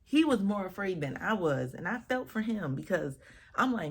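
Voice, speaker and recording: A woman wedding officiant telling a casual storytime about her first ceremony, animated and expressive as she acts out what people said. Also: medium pitch, moderate pace, creaky, breathy edge.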